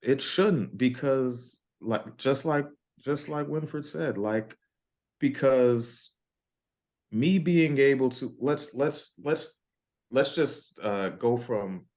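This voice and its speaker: A man's voice: medium pitch, slow, a little mellow. A man talking through ideas in a casual podcast discussion, thoughtful and full of restarts. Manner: thoughtful, restarts often, rising when emphatic.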